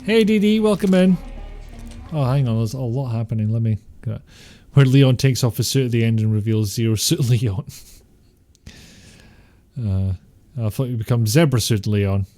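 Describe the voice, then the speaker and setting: Casting: male game streamer, mid pitch, chatty, joking, swears a lot. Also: normal speed, dark tone, soft background music. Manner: joking, rambling, swears often. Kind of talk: casual gameplay commentary.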